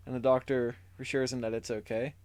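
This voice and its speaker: Slightly fast and a touch mellow, his medium-pitched voice barely moves in pitch. As a podcast co-host he loosely recaps a story from notes, reading quotes out with plenty of fillers.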